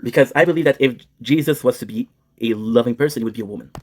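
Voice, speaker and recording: A man's voice: medium pitch, quick pace. A young man streaming, joking crudely and rambling as he switches between English and French. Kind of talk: casual joking chat.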